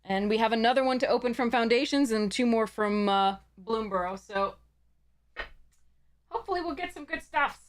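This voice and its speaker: Smooth-voiced woman streamer chatting. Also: a little high, normal speed. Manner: rambling, chatty, many fillers and restarts. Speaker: game streamer. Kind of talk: casual live-stream chat.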